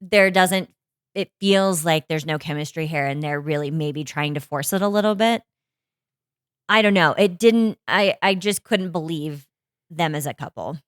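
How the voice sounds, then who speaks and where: A woman's voice: deep voice, normal speed, clear, resonant tone, dry recording, studio quality. A woman co-hosting a casual chat podcast, talking animatedly with frequent restarts. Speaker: podcast co-host.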